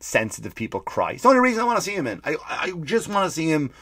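A man hosting a comedy podcast, ranting quickly and emphatically with lots of swearing and repeated phrases. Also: fairly high pitch, huge pitch swings, bright, forceful tone, breathy edge, no echo, clean studio sound. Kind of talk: comedic rant.

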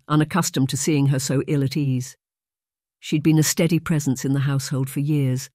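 Measured audiobook narrator, dry sound. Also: medium pitch, a little mellow, no room sound.

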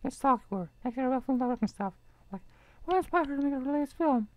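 A woman's voice: sits high, lively intonation, quick pace, darkish tone, no room sound. A woman voicing a blunt, sarcastic teenage girl classmate who makes dry, dismissive retorts.

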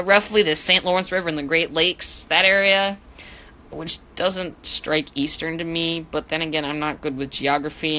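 A woman talking through a history lesson in a loose, chatty podcast way. Her voice is bright and forceful, set a little low, and she keeps slipping in jokes at her own expense and tripping over tricky names. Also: poor audio. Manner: joking, self-deprecating asides. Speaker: history teacher. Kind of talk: casual educational podcast.

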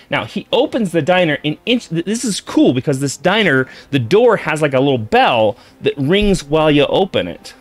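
A man's voice: on the high side, sing-song, moderate pace, no echo. Rambling, stammering man telling a joke. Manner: digressive, stammering, self-interrupting. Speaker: comedian telling a shaggy-dog joke. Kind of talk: rambling comic storytelling.

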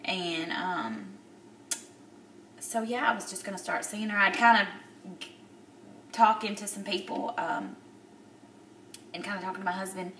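A woman in her thirties recording a personal video diary. She is upset and near tears, and she talks haltingly with many pauses and fillers. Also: mid-range voice, a bit bright, recorded from a distance, a little hiss or hum. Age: 30s. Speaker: vlogger. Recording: roomy echo, a bit off-mic.

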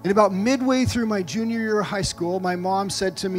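A middle-aged pastor preaching a sermon in a church, telling a personal story with lively, acted-out quotes. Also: male voice, sits high, fairly quick, hardly any pauses, faint music behind. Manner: animated storytelling, acts out quoted voices. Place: church sanctuary.

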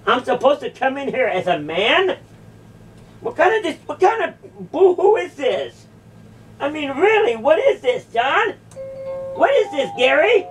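A woman's voice: sits high, very animated, a little slow, faint music behind. A woman in a heated confrontation in a church, incredulous and repeating her questions again and again. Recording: voice distant from the mic.

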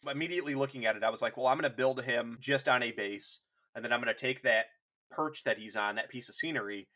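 Bright-voiced rambling man. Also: medium pitch, quick pace. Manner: rambling, hesitant restarts, jokey. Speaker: podcast co-host. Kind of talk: casual chat.

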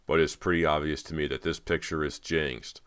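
A man's voice: extremely low pitch, steady tone, moderate pace, a bit bright, clear, resonant tone. A man reading an audiobook, voicing a stern young man who runs a film shoot, firm and solemn.

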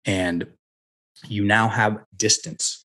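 A middle-aged man, a personal development coach, telling stories as a guest in a podcast interview on a headset mic, animated and acting out the dialogue. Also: lowish voice, slow.

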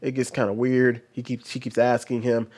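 A man talks loosely over a clip he is reacting to, mid-pitched for a man, rambling and restarting his sentences. He sits close to a desk microphone, and his delivery is that of casual commentary. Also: level tone, moderate pace, darkish tone. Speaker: reaction video host.

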